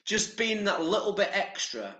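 A man's voice: sits high, sing-song, moderate pace, sharp tone, reverberant. An English man giving casual motivational talk to camera, chatty and rambling, with casual swearing. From England. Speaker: vlogger.

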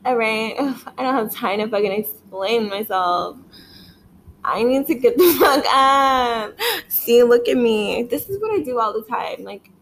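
Chatting to camera indoors in her living room, a young woman rambles on, cursing frequently and packing "like" into every phrase. Her pitch is fairly high, with slight background noise.

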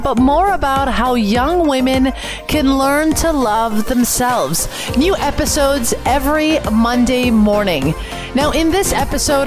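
A young woman from Canada hosting her own podcast at home, talking earnestly and reflectively, repeating phrases for emphasis. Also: sits high. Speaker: podcast host. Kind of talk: solo podcast talk. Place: home room, window open.

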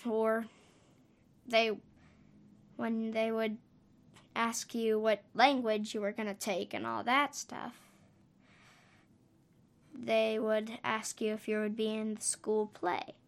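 A woman's voice: fairly high pitch, vocal fry. A woman telling a story for her podcast, rambling and hesitant, often trailing off and correcting herself.

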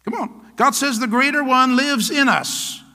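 Emphatic male pastor preaching, high bright voice, echoing church hall. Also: measured pace. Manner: emphatic, repeats "come on now" and "hello?". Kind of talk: sermon.

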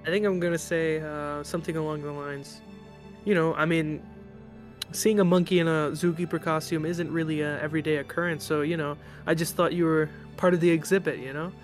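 A man's voice: fairly high pitch, steady tone, soft background music. Hesitant man playing a tabletop character. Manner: hesitant, halting with many fillers. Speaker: player. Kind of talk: in-character role-play.

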